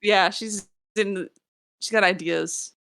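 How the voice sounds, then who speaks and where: Excitable woman with a gravelly edge. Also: mid-range voice, slow, no echo, clean studio sound. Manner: excitable, laughs often. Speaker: player. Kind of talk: casual chat at a tabletop game.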